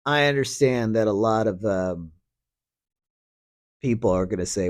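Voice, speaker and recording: A man's voice: fairly low pitch, a little slow. A man hosting a podcast alone, talking through a story in a casual, profane, sardonic ramble full of fillers. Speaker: podcast host. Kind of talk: casual solo commentary.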